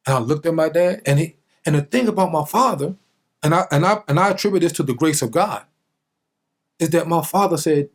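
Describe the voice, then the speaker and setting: A man's voice: on the high side, a little fast. A man, a guest on the show, telling a childhood story with energy and drama. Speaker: guest, former football player. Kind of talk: animated storytelling.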